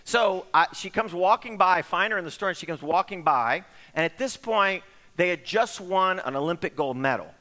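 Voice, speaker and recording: A middle-aged male pastor preaching with a bright, ringing tone and a pitch that leaps around as he tells his stories. He acts out the voices of the people in them. The sound carries a long reverb, as in a large hall. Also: moderate pace. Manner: animated storytelling, acting out quoted voices. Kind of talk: sermon. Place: church sanctuary.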